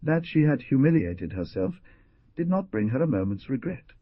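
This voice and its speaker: A man narrating an audiobook with expressive, dramatic delivery, heard with a dull lo-fi sound. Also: medium pitch, moderate pace, dry recording. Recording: dull lo-fi dry recording.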